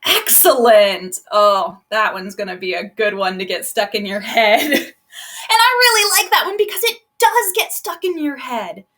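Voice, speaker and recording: A woman's voice: on the high side, normal speed. Cheerful children's librarian woman. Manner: gentle, encouraging, explains things simply to children. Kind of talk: live online storytime for kids. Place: at home, laptop propped on a box. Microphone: laptop microphone.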